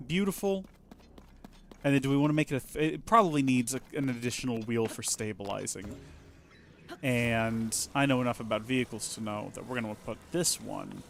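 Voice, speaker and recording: There's a little hiss or hum behind this medium-pitched male voice. He's streaming a video game and keeps up relaxed let's play commentary, joking playfully to himself, to the game, and to the people watching.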